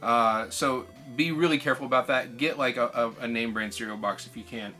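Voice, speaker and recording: A man hosting a relaxed how-to tutorial, talking at a mid pitch and an unhurried, conversational pace. He is chatty and informal and often fills his pauses with ums and uhs. Faint guitar music plays underneath. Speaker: video channel host.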